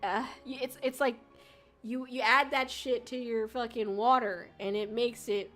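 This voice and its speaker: A young woman streaming live, rambling through casual chat with plenty of fillers and curse words. Her voice sits a little high and sounds bright and forward. Faint music plays underneath. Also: steady tone, unhurried. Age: young adult. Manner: rambling and chatty, lots of fillers and swearing. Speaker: VTuber streamer. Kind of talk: casual livestream chat with viewers.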